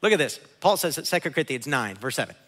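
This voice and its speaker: A man preaching a sermon to his congregation as pastor, animated and acting out biblical figures in quick asides. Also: mid-range voice. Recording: long hall reverb.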